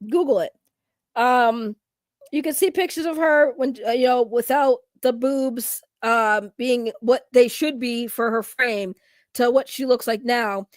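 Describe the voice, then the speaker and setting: A young woman talks loudly and excitably, laughing often as she riffs with her stream chat. Her voice sits high and is captured close and dry, with no room around it. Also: measured pace, no echo. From Boston, Massachusetts. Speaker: streamer reacting to videos. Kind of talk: casual reaction stream chat.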